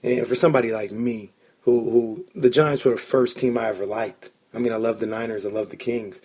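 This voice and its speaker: A man hosting a casual sports podcast, an excitable storyteller who swears when he gets worked up. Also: mid-range voice, brisk, breathy edge. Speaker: podcast host.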